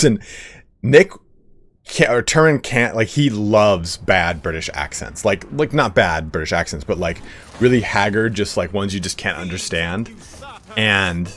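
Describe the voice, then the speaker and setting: A man's voice: fairly low pitch, unhurried, fairly bright tone. A man streaming a game, telling a story in a chatty, rambling way, swearing freely. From United States. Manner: chatty, swears freely, slips into mock voices.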